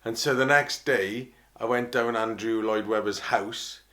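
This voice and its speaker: A man's voice: lowish voice, steady tone, unhurried, sharp tone. A Welsh man, an opera singer, telling anecdotes in a chatty, self-mocking way, often laughing at himself. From Wales. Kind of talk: casual anecdotal storytelling.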